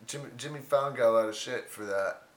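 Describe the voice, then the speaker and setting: A man co-hosting a casual comedy chat, telling crude jokes in a deadpan way. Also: mid-range voice, quick pace. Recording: echoey room.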